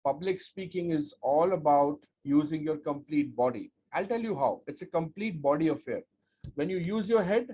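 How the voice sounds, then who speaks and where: A man giving an energetic, emphatic webinar talk as a speech coach, with lots of rhetorical repetition. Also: a little high. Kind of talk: webinar presentation. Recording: dull lo-fi audio with faint noise.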